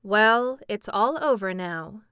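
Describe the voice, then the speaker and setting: A woman voicing an earnest young boy who gives brisk instructions in a storybook reading. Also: mid-range voice, lively intonation, bright, forceful tone, clear, resonant tone, no room sound, studio quality.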